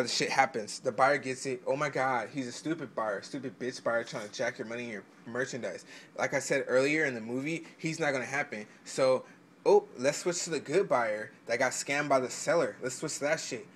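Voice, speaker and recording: A man ranting in a profane vlog, stammering through restarts and swinging into loud outbursts. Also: mid-range voice, fairly quick, slight background noise. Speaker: vlogger giving selling advice.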